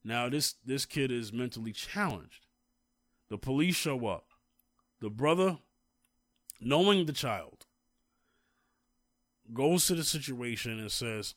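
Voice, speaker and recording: A man's voice: mid-range voice, a little slow, pauses often, no echo. Emphatic man telling a story, dry sound. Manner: storytelling, grows heated and emphatic. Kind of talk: casual conversation.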